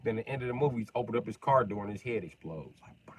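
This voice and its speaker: A man's voice: fairly low pitch, lively intonation, very fast, a little hiss or hum. A man telling a comic story on a live stream and jumping animatedly between character voices. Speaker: comedian streamer.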